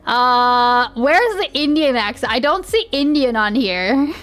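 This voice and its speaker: A woman's voice: fairly high pitch, animated, takes it slowly, a bit bright. A young woman streaming live, chatting casually in a giggly, rambling way with lots of restarts. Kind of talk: casual livestream chat.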